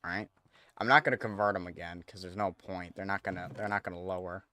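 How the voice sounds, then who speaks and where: Low-voiced man rambling over gameplay. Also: fairly even intonation, fast talker, pushed and bright. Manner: rambling, thinks aloud, self-correcting, talks to viewers. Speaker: streamer. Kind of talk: casual gameplay commentary.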